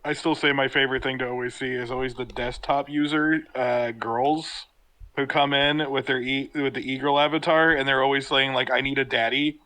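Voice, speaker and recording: A man chatting on a podcast with a bright, sharp voice at a middle pitch. He tells things in a wry, teasing way. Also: steady tone, normal speed, poor audio. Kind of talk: casual chat.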